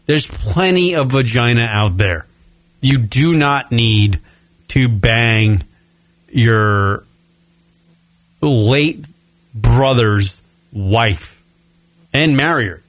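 A young American man rants profanely as a radio show host, stretching out key words for blunt emphasis. His voice sits at an ordinary pitch. The recording is very dry and close. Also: lively intonation, extremely slow, pauses often, a bit bright, dry recording. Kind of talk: profane ranting commentary.

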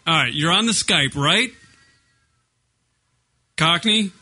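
High, lively male radio host. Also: slow, soft background music. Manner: laughing, talks over the caller. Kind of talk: casual radio banter.

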